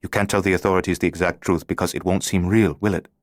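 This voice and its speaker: A man's voice: deep voice, little pitch movement, fast talker, no echo, studio quality, close to an everyday voice. A man doing a terse, urgent male stranger.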